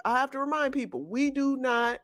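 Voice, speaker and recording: A woman's voice: high voice, brisk, no echo, clean studio sound. A woman from the Chicago area, chatting casually as a podcast co-host in an emphatic, slangy way. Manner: animated, slangy, emphatic storytelling.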